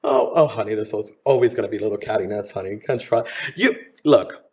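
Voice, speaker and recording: A man's voice: lowish voice, very animated, quick pace, darkish tone. A man in his thirties, a drag performer from Miami, chatting campily in an interview and calling people honey. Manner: campy, chatty, says honey. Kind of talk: casual interview chat.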